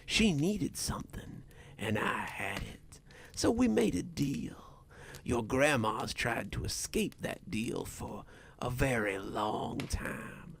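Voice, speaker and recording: A man voicing a tall, inhuman male creature who makes deals, speaking in a hushed, creeping whisper. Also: medium pitch, vocal fry, a little hiss or hum, heavily acted.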